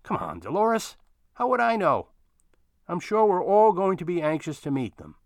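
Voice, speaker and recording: A man's voice: high voice, sing-song, moderate pace, no room sound, pitched above the performer's own voice. A man voicing a courteous, slightly curt older man who acts as unofficial mayor of his street.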